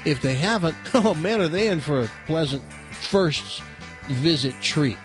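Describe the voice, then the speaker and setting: A man's voice: fairly high pitch, lively intonation, a little slow. Chatty male radio host, casual, music bed under him. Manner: chatty, easygoing, stumbles over words. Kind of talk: casual radio chat and live ad read. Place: radio studio.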